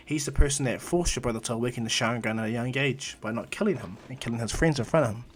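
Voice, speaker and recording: A young ninja who has become a god of destruction speaks in calm, commanding tones, as a man voices him. The voice sits at a middle pitch and carries a quiet threat. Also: quick pace, husky, natural voice.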